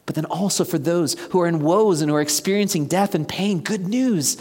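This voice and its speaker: A man around fifty preaching a conversational sermon, asking the congregation questions and dropping to a hushed near-whisper for emphasis. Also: high-pitched, a little fast, slightly rough. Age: about 50. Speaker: pastor. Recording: long reverb of a large hall.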